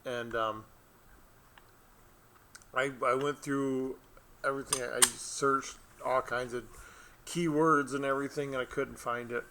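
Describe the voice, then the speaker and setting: A man's voice: medium pitch, steady tone, unhurried, creaky, pauses often, pushed and bright, slight background noise. A middle-aged man, an author, chatting casually to camera and telling a rambling story with frequent laughs. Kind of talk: casual vlog chat.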